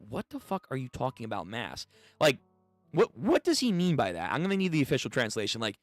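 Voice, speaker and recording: A man's voice: mid-range voice, wildly swooping pitch, brisk, no echo, studio quality, soft background music. A young man live-streaming his reaction to a manga chapter, reading it aloud and swearing as he talks back to the page.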